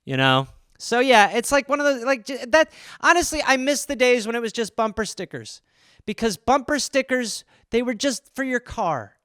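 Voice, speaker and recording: A man with a high, bright voice riffs through a solo comedy podcast. He rambles and swears freely, slipping into quick voices to act out little scenes. His tone stays smooth and clear, recorded close and dry. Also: very animated, no room sound.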